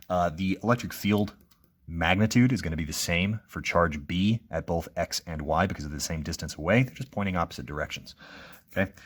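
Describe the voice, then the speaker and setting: Male physics teacher, low voice, casual recorded review walkthrough, thinks aloud. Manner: casual, frequent "okay?" checks, thinking aloud.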